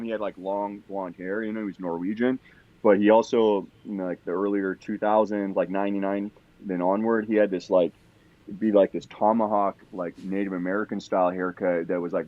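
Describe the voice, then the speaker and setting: A man telling a long story on a podcast in a casual, rambling way, swearing freely and full of fillers and restarts. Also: lowish voice. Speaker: podcast guest. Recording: dull lo-fi sound.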